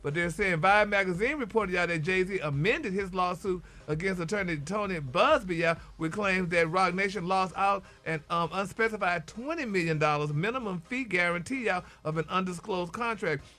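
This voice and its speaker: A man's voice: high voice, normal speed, hardly any pauses, sharp tone. A man co-hosting morning radio, reading celebrity gossip and filling it with "y'all" and "honey". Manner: chatty, peppers talk with "y'all" and "honey". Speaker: radio co-host, gossip reporter.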